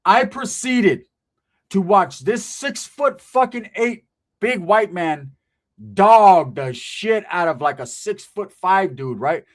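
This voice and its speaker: A man's voice: high-pitched, expressive, slow pace. A middle-aged man telling a street story in casual, profane slang, keeps checking in with "right?".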